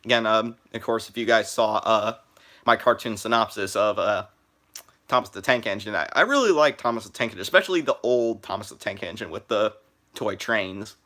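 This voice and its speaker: A man's voice: fairly low pitch, expressive, a little fast, pushed and bright. A young man chatting casually on a live stream, rambling with many fillers and restarts.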